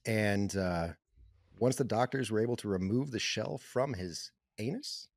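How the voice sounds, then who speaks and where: A man with a low, dry-sounding voice recounts a news story on a podcast. His delivery is casual and deadpan, with crude humor. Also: measured pace, vocal fry, no room sound. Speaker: podcast co-host.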